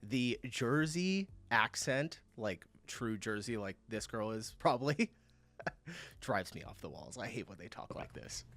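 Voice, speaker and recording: American man, reaction video host, animated pitch, dry close sound, chatty and laughing. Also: a little slow, no echo. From United States. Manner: chatty, laughs often, thinks aloud. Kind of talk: casual reaction commentary.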